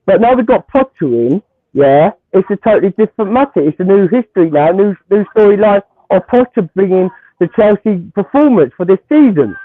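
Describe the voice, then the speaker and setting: A man, a Chelsea fan arguing football in heated banter, animated and repetitive as he talks over the host. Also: high voice, fairly quick, no room sound, phone-quality sound. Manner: animated, repeats himself, talks over others.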